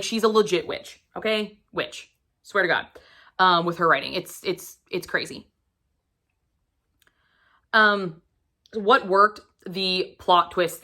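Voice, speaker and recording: A woman's voice: mid-range voice, bright, forceful tone. A woman giving a casual book review vlog, emphatic and profane, acting out her own reactions.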